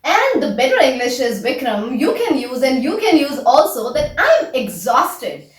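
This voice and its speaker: A woman's voice: sits high, very animated, moderate pace, recorded from a distance. A woman teaching English in a chatty way, often saying "you know" in a scripted lesson dialogue. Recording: echoey room, away from the mic.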